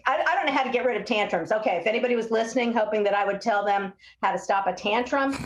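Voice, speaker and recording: A woman in her sixties speaks in an animated, storytelling way, slipping into acted voices to make her points. Her voice sits a little high, and the recording has a roomy echo. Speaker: speech-language pathologist guest. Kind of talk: podcast interview.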